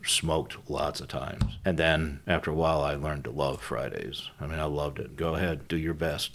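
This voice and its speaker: An older man, a former fighter pilot, telling folksy, animated war stories in an interview, with wry asides. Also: very deep voice, moderate pace. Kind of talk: storytelling interview.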